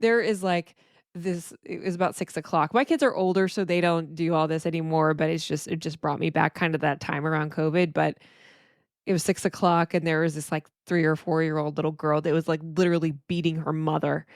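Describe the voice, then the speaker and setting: A woman's voice: deep voice, level tone, fairly quick, dry recording, studio quality. A middle-aged woman therapist hosting her podcast alone, talking candidly and emotionally with frequent restarts. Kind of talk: reflective solo podcast monologue.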